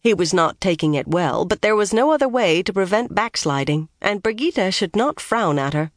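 An audiobook narrator reading a fantasy novel in a steady, measured way. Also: mid-range voice, no room sound, studio quality.

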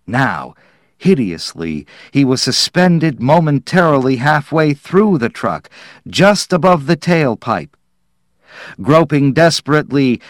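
A narrator reads an audiobook story at an unhurried, deliberate pace, giving each phrase measured drama. His voice is at an ordinary middle pitch, sounding close and dry with no room sound.

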